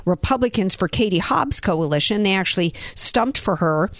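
A woman's voice: mid-range voice, animated, moderate pace, dry recording, clean studio sound. A woman from the Southern United States giving a political commentary monologue, indignant and firing off rhetorical questions.

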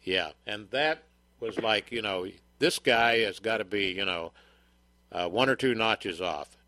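A man's voice: lowish voice, a little slow, pushed and bright, no echo. An older man hosting a radio talk show, chatting in a rambling, folksy way with plenty of fillers.

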